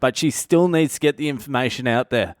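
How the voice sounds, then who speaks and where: A man's voice: mid-range voice, brisk, no room sound, clean studio sound. A middle-aged man, hosting a comic podcast monologue in a sardonic, mocking tone and swearing freely. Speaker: comedian podcast host. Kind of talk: comic monologue reading comments aloud.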